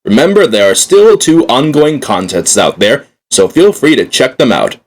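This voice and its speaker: A man's voice: medium pitch, big pitch swings, normal speed. A man hosting a scripted fan talk show with an upbeat announcer manner.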